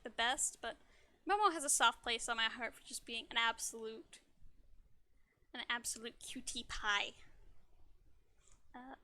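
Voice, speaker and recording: Bubbly young woman streamer chatting away, trips over words a lot, high crisp voice. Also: pushed and bright. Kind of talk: casual livestream chat.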